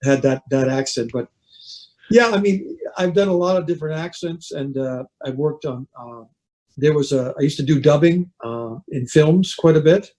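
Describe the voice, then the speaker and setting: A Canadian man, a singer who grew up with French at home, chatting as a guest on a talk show in a relaxed, rambling way with many restarts. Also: fairly high pitch, normal speed, rough recording. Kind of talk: casual interview chat.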